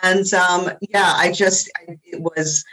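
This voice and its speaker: A woman's voice: lowish voice, steady tone, slow pace, sharp tone, rough recording. An American woman in her forties, a podcast guest chatting casually and laughing often in a self-deprecating way. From United States. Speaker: guest, interior design blogger. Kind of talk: casual interview chat.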